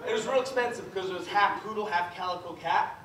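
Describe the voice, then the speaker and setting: A man performing a stand-up comedy set in a theater, deadpan with sudden loud outbursts. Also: sits high, fast, recorded from a distance. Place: theater stage with live audience. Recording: echoey theater heard from afar, audience noise.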